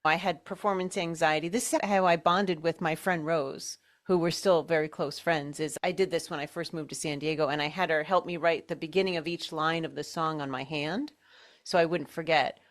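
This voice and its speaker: Middle-aged woman, podcast co-host, supportive, short encouraging replies, somewhat low voice. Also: steady tone, normal speed. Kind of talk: casual chat.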